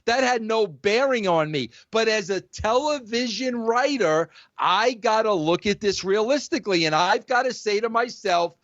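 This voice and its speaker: A man's voice: high-pitched, animated, normal speed, few pauses, fairly bright tone, dry recording, lo-fi sound. A middle-aged man hosting a podcast who argues his point emphatically in a heated casual debate, calling the other man "bro" again and again. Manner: emphatic, says "bro" a lot. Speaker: podcast host.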